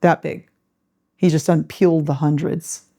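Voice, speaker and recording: A woman's voice: low-pitched, steady tone, a little slow, warm tone. A middle-aged woman hosting a podcast, telling a story in a casual way, acting out the voices she quotes and laughing often. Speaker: podcast host.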